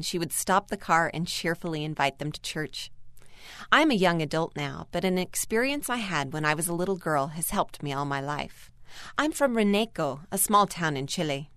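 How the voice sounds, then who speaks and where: A woman reading aloud an earnest first-person article as scripted narration, calm and steady. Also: on the low side, clear, resonant tone, no echo, clean studio sound. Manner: calm, earnest storytelling read.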